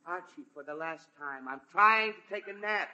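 A man's voice: high voice, animated, normal speed, sharp tone, exaggerated voice, low-quality recording. An actor playing a weary, irritable middle-aged father in an old-time radio sitcom, sighing in exasperation. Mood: exasperated weary. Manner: exasperated, sighs "oh, me".

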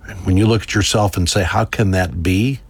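A man reading a devotional text in a slow, measured, reverent way. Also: low-pitched, steady tone, husky.

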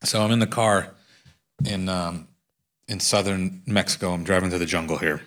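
A man reading aloud from his own memoir, acting out the dialogue in lively voices. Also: deep voice, moderate pace. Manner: acts out quoted speech with lively voices. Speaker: author reading from his book. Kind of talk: live reading of a nonfiction memoir.

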